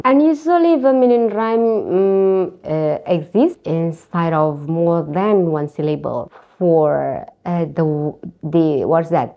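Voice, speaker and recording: Woman university lecturer, native Indonesian speaker, low animated voice, dull lo-fi recording. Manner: lively, rising pitch on questions, frequent "right?" checks.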